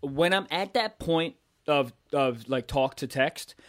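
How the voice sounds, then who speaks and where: Young male comic, casual profane storyteller, voice a touch high. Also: animated, slow pace. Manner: profane, storytelling, loud acted outbursts. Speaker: comedian podcast co-host. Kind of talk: casual chat.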